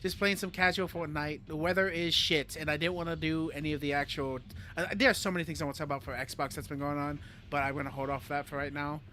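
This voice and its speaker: Guy in his 30s on a gaming stream, bright voice, rambles a lot, swears. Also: a little high, fast talker, slight background noise. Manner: rambling, excitable, swears, many fillers. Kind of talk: casual gaming stream chat.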